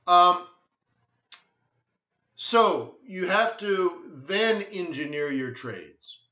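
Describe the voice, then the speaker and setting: A man's voice: high-pitched, very animated, extremely slow, pushed and bright. Blunt man in an echoey room. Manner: blunt, repeats words, emphatic. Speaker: forex trading webinar host. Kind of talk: live stream chat answering viewers. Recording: echoey room, dull lo-fi sound.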